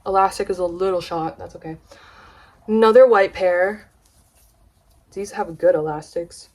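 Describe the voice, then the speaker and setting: A young woman from the United States, chatting excitedly in a casual haul vlog, gushing and swearing casually. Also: medium pitch, normal speed. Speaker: vlogger.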